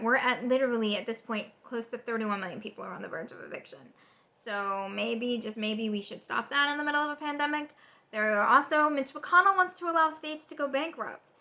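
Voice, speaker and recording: Woman, political vlog rant, angry and exasperated, swears, fairly high voice, sharp tone. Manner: rapid repetitions and restarts. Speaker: political vlogger.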